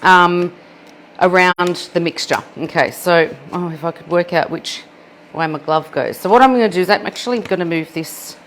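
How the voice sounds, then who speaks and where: A woman's voice: lowish voice, moderate pace, a bit bright, a little hiss or hum. Chatty Australian woman leading a cookalong. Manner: chatty and self-deprecating, laughs at her own mess. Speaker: cooking demonstrator. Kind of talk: live cookalong demonstration. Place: home kitchen.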